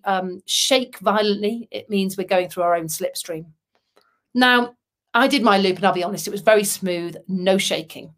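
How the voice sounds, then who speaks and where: A middle-aged woman, giving a motivational talk as a humorous storyteller with dry asides. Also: medium pitch. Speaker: motivational speaker.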